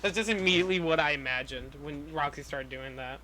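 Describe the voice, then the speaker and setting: A man's voice: a little high, brisk, crowd noise. A young man co-hosting a casual movie podcast, laughing and swearing, slipping into mocking voices. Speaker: podcast co-host. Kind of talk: casual movie review chat.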